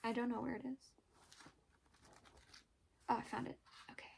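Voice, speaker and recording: A young woman talking hesitantly in a personal confessional vlog, pausing often and searching for words. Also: a little high, level tone, creaky, noisy background. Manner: hesitant, halting, many pauses and fillers; emotional, soft-spoken. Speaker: vlogger.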